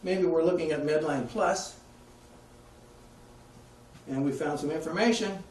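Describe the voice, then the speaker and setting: Guy giving a talk to a crowd, kinda high voice, echoey room, mic a bit far off. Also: measured pace, darkish tone, a little hiss or hum. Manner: conversational, asks the audience questions. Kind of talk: public talk to an audience. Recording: echoey room, heard from afar.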